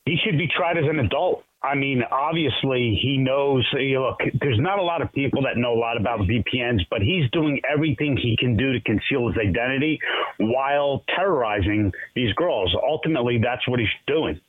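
A man's voice: medium pitch, fairly quick, no room sound. A man who once served as a state police officer comments bluntly as a talk show guest. He comes through a tinny phone line. The sound is dry and narrow.

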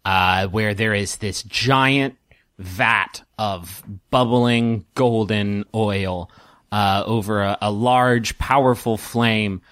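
A young man running a tabletop game as game master, narrating with many fillers and pauses and laughing often. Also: lowish voice, fairly even intonation, fairly bright tone, dry recording, studio quality.

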